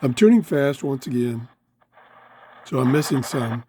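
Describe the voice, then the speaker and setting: A man with a voice going hoarse, chatting excitedly as he tries out a small radio in his home office. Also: medium pitch, measured pace, a little hiss or hum. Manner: chatty, easily excited, talks while fiddling. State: losing his voice, throat-clearing. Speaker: radio reviewer. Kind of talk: casual hands-on product review. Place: home office full of electronics.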